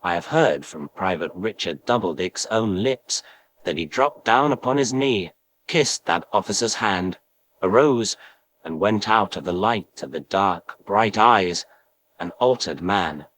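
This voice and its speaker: A man narrating a classic story as an audiobook, in a measured, dramatic way, doing an impression of a famous film actor. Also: sits low, expressive, a bit bright, slight background noise, rough recording.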